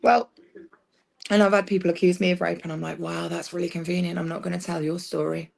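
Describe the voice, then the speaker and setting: A woman's voice: fairly low pitch, little pitch movement, fast, vocal fry, a little mellow. A woman livestreaming a rambling personal monologue, sardonic and swearing freely as she jumps between topics.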